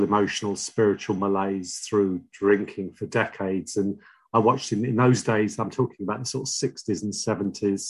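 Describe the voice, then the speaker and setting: Husky London man, halting and confessional. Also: lowish voice. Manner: halting, repeats words, wry and confessional. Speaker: speaker sharing a recovery story. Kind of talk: personal testimony.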